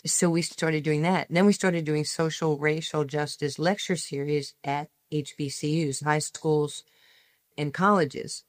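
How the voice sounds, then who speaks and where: A woman in her sixties, a guest telling personal stories in an emphatic way, speeding up in quick bursts. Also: low voice, fairly even intonation, dry recording, clean studio sound. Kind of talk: animated personal storytelling.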